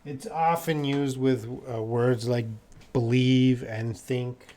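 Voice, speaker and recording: A young man from Canada teaching English live, answering chat questions casually and repeating phrases slowly for learners. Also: mid-range voice, steady tone, mellow.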